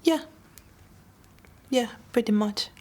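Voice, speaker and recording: A woman's voice: a little high, slow pace, darkish tone. A woman answering interview questions, her speech disorder making her sound foreign.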